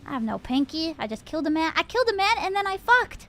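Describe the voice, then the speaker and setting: A woman streamer playing a video game, reacting loudly with laughter and shouts. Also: very high-pitched, big pitch swings, quick pace, hardly any pauses, heavy background noise. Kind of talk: let's play commentary. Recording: game music playing behind.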